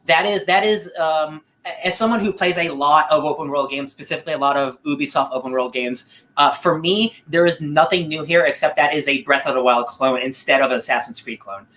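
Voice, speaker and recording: A man chatting casually on a podcast, his voice sitting a little on the high side. He rambles along upbeat, circling back with fillers and restarts as he talks. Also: fairly quick, bright, forceful tone. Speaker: podcast co-host.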